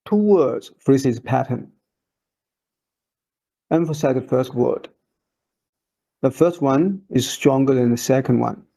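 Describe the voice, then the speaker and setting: Very slow, gravelly-voiced male teacher. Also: medium pitch, animated, warm tone, rough recording. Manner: slow, short broken phrases, drawn-out demonstration syllables. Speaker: Chinese teacher. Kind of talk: slow instructional voice-over.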